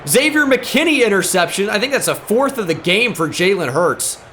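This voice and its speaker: A man hosting a gaming video, joking and commentating on his gameplay, shouting out big plays. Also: sits high, normal speed, slight background noise. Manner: excitable, jokey, breaks into shouted play-calls.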